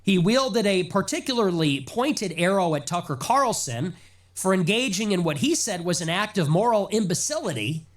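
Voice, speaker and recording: A man's voice: high voice, sing-song, normal speed. A man giving a sarcastic, mocking political commentary monologue, fighting a lingering cough and leaning hard on emphatic lists. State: nagging cough.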